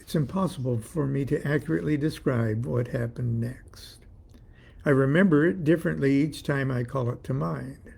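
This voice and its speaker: A man's voice: mid-range voice, normal speed, gravelly, darkish tone, slightly rough. An author reading his own story aloud, in a dry, wry storytelling manner.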